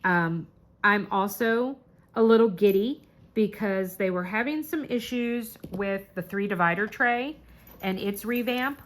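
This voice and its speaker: A woman chatting casually to her viewers about crafting kits, bubbly and gushing, squealing whenever she gets excited. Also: medium pitch, measured pace. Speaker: crafting vlogger.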